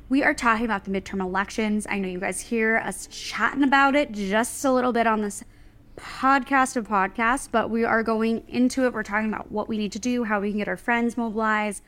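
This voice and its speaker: A woman's voice: a little high, fairly bright tone. Bubbly young woman podcast co-host. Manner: bubbly, joking, quick asides. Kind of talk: casual podcast chat and ad read.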